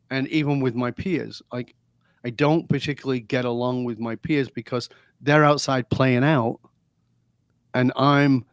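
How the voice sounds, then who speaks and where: Man, middle-aged, from England, interview guest, animated storyteller, acts out quotes, dry close sound. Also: medium pitch, dry recording. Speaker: podcast guest.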